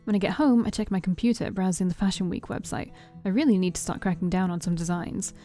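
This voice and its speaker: A woman reading a visual novel aloud in a low, mellow voice, narrating in the first person with a playful, expressive lilt. Game music hums faintly underneath. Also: quick pace. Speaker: let's-play streamer.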